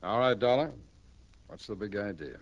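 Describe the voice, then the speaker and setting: A man's voice: fairly low pitch, expressive, moderate pace, muffled recording, a little hiss or hum, lightly acted. A man playing a blustery police captain. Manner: blustery, pushy, scolding. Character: gruff male police captain, impatient old friend. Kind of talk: 1950s radio drama acting.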